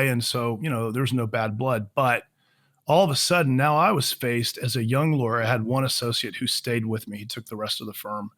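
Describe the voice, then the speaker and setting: A man in his fifties, a trial lawyer guest on a podcast, telling his career story in a relaxed, self-deprecating way with many fillers and restarts. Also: mid-range voice. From Florida.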